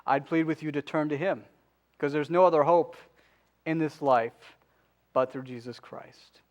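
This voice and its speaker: A man in his forties delivers a Sunday-style sermon in a church, with a slightly raised pitch. He speaks conversationally, slipping in asides and turning to earnest pleas to his listeners. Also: measured pace, darkish tone. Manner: conversational preaching, pleading, with many asides. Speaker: pastor. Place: church sanctuary.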